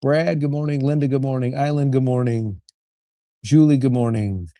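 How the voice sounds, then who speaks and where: A man's voice: mid-range voice, steady tone, dark tone, no room sound, clean studio sound. A man hosting a livestream, greeting viewers one after another and introducing an update. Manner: rapid-fire greetings to chat. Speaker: livestream host.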